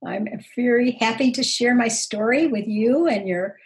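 An older woman, a counselor guest on an interview, talking earnestly and reflectively about her personal growth, with soft laughs. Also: a little high, moderate pace, rough recording. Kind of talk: interview conversation.

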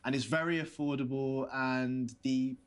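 An actor voices the player character on video dates, a hesitant, polite young man who often stammers and restarts. His mid-range voice is steady in tone, natural, and a little slow, with an eager mood.

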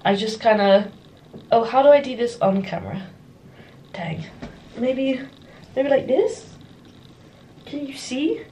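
A woman's voice: fairly high pitch, expressive, takes it slowly, long pauses, dark tone, a little hiss or hum. Bubbly young woman vlogging to camera. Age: young adult. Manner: bubbly, giggly, chatty. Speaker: student vlogger. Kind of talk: casual vlog chat to camera. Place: student bedroom. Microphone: handheld compact camera.

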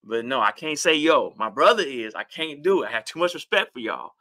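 A middle-aged man giving relationship advice on a livestream, reading out viewer comments with a passionate, animated delivery. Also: medium pitch, a little fast.

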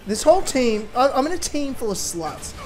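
Teasing man with a lively voice. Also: very high-pitched, moderate pace. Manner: teasing, crude jokes. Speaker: co-op gaming friend. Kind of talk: casual co-op gaming chat.

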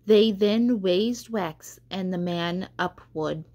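A woman catechist reading a children's storybook aloud in a gentle, unhurried way. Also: mid-range voice.

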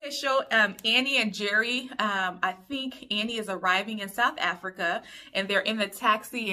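Young woman from liberia doing a tv recap vlog, bright sharp voice, chatty. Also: mid-range voice. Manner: chatty, opinionated asides. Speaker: YouTube reviewer. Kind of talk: casual TV recap.

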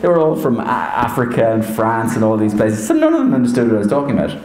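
Irish comedian telling a story. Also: male voice, medium pitch, quick pace, roomy sound, poor audio. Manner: lively, animated, jumps into voices. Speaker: comedian and impressionist. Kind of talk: stand-up storytelling. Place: university lecture hall.

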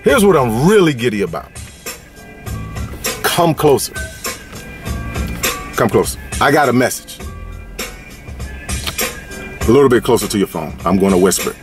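A man's voice: mid-range voice, big pitch swings, fairly quick, pauses often, music in the background. A man from California hosting a casual toy-hunting vlog, with playful slang-filled banter and a sing-song delivery. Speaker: toy collecting vlogger.

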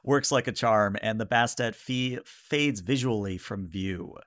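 A man's voice: fairly low pitch, a little slow, a bit bright, no room sound, studio quality. A man running a tabletop game as game master, narrating casually with many fillers.

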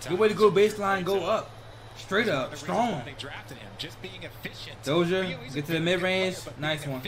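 A man hosting a basketball reaction video, talking casually in an excitable, slangy way. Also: sits high, unhurried, a crowd in the background. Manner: excitable, slangy, repeats "bro".

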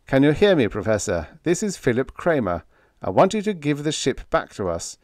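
A man's voice: mid-range voice, sing-song, moderate pace, no room sound, studio quality, voice pushed up, lightly acted. A man voicing an earnest younger man who urgently pleads over a ship's microphone, repeating his appeals. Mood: pleading.

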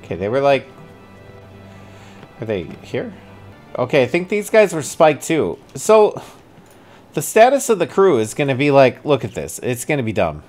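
A man streams a mystery game in a casual, mid-pitched voice, working through clues out loud. He often breaks off into startled exclamations. Faint music plays behind him. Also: huge pitch swings, normal speed, long pauses. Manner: thinks aloud, puzzles over clues, bursts into startled exclamations. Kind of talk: casual gameplay commentary.

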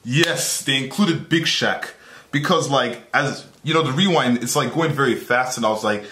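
A man hosting a video reaction, commenting casually and getting excitable and loud over the clips he watches. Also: mid-range voice, moderate pace. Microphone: camera mic at desk. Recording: echoey room with loud music behind.

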